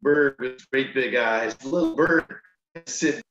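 A man, a pastor, reading a picture book aloud to children, with gentle, chatty asides between pages. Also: mid-range voice, unhurried, over loud music. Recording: echoey room, dull lo-fi sound.

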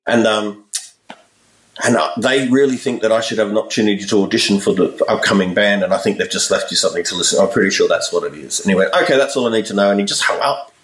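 A man in his forties, a guest musician telling stories in a casual interview, animated and acting out the people in his anecdotes. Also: on the low side, quick pace. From Australia. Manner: animated storyteller, acts out voices in his anecdotes. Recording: roomy echo, a little far from the mic.

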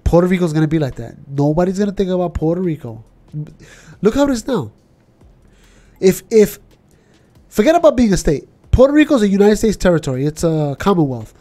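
A man with a New York accent, co-hosting a podcast in casual chat and ranting with animated questions. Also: sits high, fairly quick. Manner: animated, ranting, keeps asking "you know what I'm saying". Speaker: podcast co-host.

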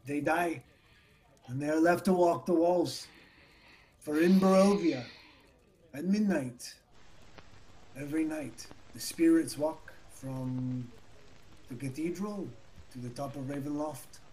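A man doing a drunk old tavern keeper who speaks in a gloomy, ominous drawl. His put-on accent wobbles and drifts from one style to another. He lowers his voice a touch to tell the grim tale. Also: takes it slowly, long pauses, mellow, rough recording.

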